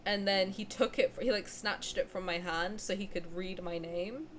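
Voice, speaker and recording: A woman's voice: mid-range voice, fairly even intonation, normal speed, slight background noise. A young woman streamer casually telling a long personal story, rambling with lots of fillers and restarts. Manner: rambling, filler-heavy, restarts mid-sentence.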